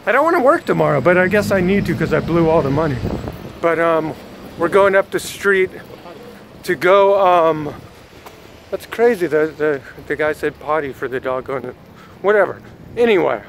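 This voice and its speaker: Excitable high-voiced man vlogging on the street. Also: moderate pace, vocal fry, a little hiss or hum. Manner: excitable, self-scolding, swears casually. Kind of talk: handheld street vlog. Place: city street outdoors. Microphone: handheld camera at arm's length.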